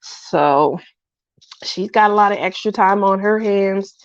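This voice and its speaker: A middle-aged woman chats slowly on her craft livestream, low and lonely, rambling between thoughts and greeting viewers by name. Her voice sits at a medium pitch. It comes through a dry, slightly muffled home mic. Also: smooth, no room sound. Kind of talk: casual livestream chat.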